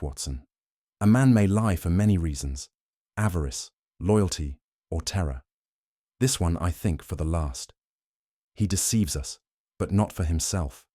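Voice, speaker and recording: A man voicing Sherlock Holmes, a calm, keen-eyed detective who speaks in a smooth, measured, almost kind way. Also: deep voice, no room sound, clean studio sound.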